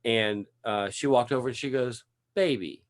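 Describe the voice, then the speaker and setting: A man hosting a casual catch-up chat, telling a story in a lively way with frequent laughs and restarts. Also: mid-range voice, moderate pace. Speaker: podcast host.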